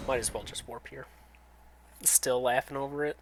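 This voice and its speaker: A man's voice: mid-range voice, fairly even intonation, measured pace, long pauses, noisy background. A man streaming a video game, chatting loosely with his viewers as he plays, his voice slightly nasal from a runny nose. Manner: loose and rambling, thinks aloud with restarts, reads and answers chat. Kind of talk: casual live-stream chat, talking to viewers while playing.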